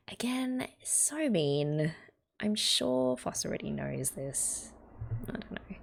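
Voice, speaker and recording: A woman's voice: sits low, sing-song, measured pace, vocal fry. An Australian woman hosting a reaction video, reading a manga aloud and chatting through it with laughing, whispered asides.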